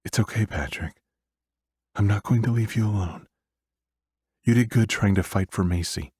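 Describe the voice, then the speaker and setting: A man voicing a stubborn, caring young woman who gently reassures a troubled man, in an audiobook reading. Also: lowish voice, moderate pace, husky, no echo, pitched above the performer's own voice. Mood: soothing. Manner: calm, reassuring.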